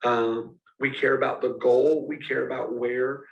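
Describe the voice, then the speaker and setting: A man's voice: mid-range voice, little pitch movement, unhurried, creaky, highs cut off. A man giving a casual, direct teaching talk to student ministry leaders. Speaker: youth ministry coach. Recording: roomy, speaker far from mic.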